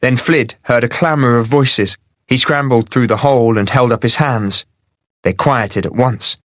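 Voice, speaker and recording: A man's voice: mid-range voice, unhurried, a bit bright, no echo, clean studio sound. Man narrating a fantasy audiobook. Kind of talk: scripted narration.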